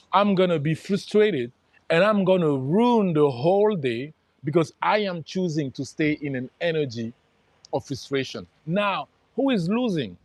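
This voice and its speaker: A man's voice: high voice, darkish tone, dry recording. Reflective male life coach, close and dry. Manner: reflective, greets viewers by name, frequent restarts. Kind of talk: casual livestream talk.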